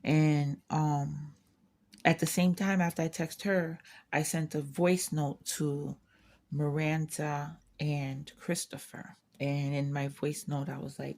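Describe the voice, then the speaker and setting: A woman with a notably low, deep-set voice talks in a loose, unscripted chat. She vents candidly about her day, rambling along and often restarting her sentences. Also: flat delivery, slow, a little mellow. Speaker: craft channel host. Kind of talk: casual chat.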